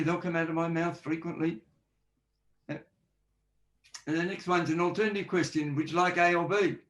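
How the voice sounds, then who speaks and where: A man's voice: high voice, fairly bright tone. Man explaining, acting out sample questions. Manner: explanatory, lists examples and acts out sample questions. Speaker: guest, forensic linguist. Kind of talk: podcast interview answers.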